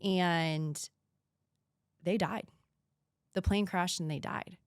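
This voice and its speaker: A woman in her thirties from the United States, a podcast guest telling a painful personal story in an earnest voice that sometimes drops to a hushed whisper. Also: fairly low pitch, steady tone, slow pace, smooth, dry recording, studio quality.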